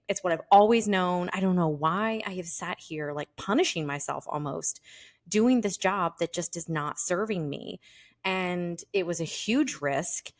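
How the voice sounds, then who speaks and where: A woman's voice: lowish voice, a little slow. A woman hosting a podcast, talking candidly and animatedly, with "like" in nearly every phrase. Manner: animated, candid, says "like" constantly. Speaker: podcast host. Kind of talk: casual conversation.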